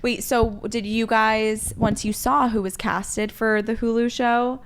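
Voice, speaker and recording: A woman co-hosting a podcast, chatting casually and quick to chime in agreeably. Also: fairly high pitch, level tone, slight background noise. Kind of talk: casual chat.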